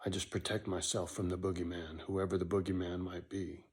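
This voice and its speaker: A man's voice: low voice, level tone, brisk, a little mellow. A man talking straight to camera in a casual, emotional monologue, blunt and profane, and he keeps checking in with "right?". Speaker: vlogger running a dog rescue.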